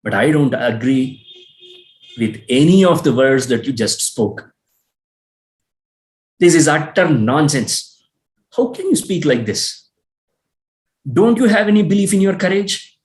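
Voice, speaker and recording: A man's voice: medium pitch, measured pace, darkish tone, echoey room, lightly acted. A man voicing a proud, defiant young warrior prince who fires off indignant questions. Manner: indignant, challenging rhetorical questions.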